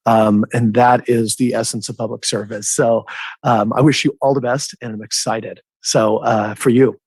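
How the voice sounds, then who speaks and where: A man, a county supervisor, giving a halting but sincere tribute at a public meeting over a video call. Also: mid-range voice, fairly even intonation, darkish tone, husky, dry recording.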